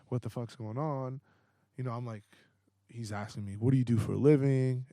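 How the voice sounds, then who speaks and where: Profane, animated young man telling a story. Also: medium pitch, no room sound, clean studio sound. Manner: animated, profane, filler-heavy retelling. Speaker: podcast guest. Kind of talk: casual storytelling.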